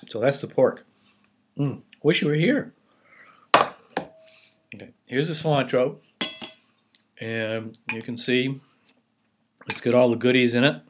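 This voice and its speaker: A man's voice: mid-range voice, unhurried, long pauses, background noise. Man, home cook vlogger, casual and rambling, recorded on a camera mic at his table. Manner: chatty, rambling, restarts, talks while chewing. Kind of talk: casual food show-and-tell.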